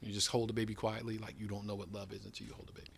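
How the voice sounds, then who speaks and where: A man, a comedian guest, in casual chat, emphatic and excitable. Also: on the low side, very fast, vocal fry, husky.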